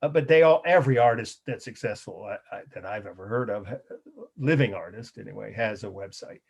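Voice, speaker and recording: A man's voice: lowish voice, brisk, vocal fry, slightly rough. A middle-aged man teaching a college art history class, talking loosely to students and correcting himself as he goes. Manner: rambling, self-correcting, conversational. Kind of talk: live class lecture.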